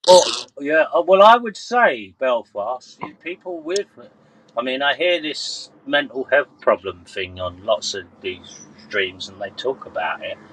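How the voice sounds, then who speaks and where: Easygoing male live streamer, bright tone, phone mic outdoors. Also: mid-range voice, animated, unhurried, slight background noise, rough recording. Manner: easygoing, repeats himself, calls people mate. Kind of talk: casual live stream chat. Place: outdoors by a canal. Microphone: phone camera.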